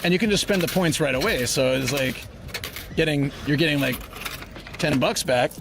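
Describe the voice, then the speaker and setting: This man's voice sits on the high side and sounds creaky as he chats at a normal speed with his audience during a travel live stream. He rambles while moving from city streets to a parked car, with music underneath and a noisy background.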